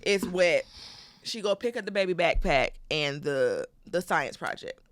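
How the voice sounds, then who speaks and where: A woman's voice: lowish voice, unhurried, no echo. A woman co-hosting a comedy podcast, casually retelling a movie plot with lots of cursing and acted-out quotes. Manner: animated, profane storytelling with acted quotes. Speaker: podcast co-host.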